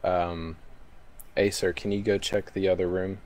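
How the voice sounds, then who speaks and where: A man playing a tabletop role-playing game, hesitant and deliberate. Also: sits low, flat delivery, darkish tone. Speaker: player.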